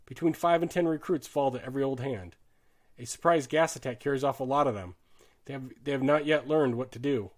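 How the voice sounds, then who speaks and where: A man narrates a war novel as an audiobook in a voice of middling pitch. His reading is earnest and dramatic. He drops low for grim passages and rises for tense ones. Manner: earnest, shifts loudness sharply with the drama. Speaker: audiobook reader.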